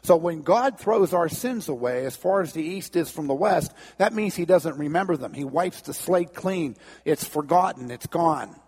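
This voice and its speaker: A man's voice: on the high side, lively intonation, normal speed, hardly any pauses, a little mellow, husky. A man preaching a sermon in a folksy, conversational way, in a long church reverb. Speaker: pastor. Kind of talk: sermon with storytelling.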